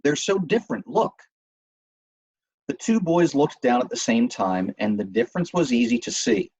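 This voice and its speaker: A man with a husky voice reading a novel aloud in a steady storytelling manner. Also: medium pitch, normal speed, poor audio. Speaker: reader. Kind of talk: audiobook reading.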